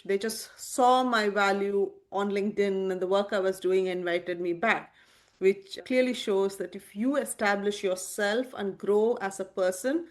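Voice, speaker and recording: A woman from India with an Indian accent, a tech leader speaking earnestly and animatedly as an interview guest. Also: medium pitch. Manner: earnest and animated, with many restarts. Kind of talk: interview conversation.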